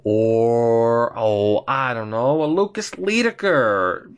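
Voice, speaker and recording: A man commentating his own hockey video game play, chatty and excitable, laughing often, while getting over being sick. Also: medium pitch, unhurried, hardly any pauses. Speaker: gaming commentator.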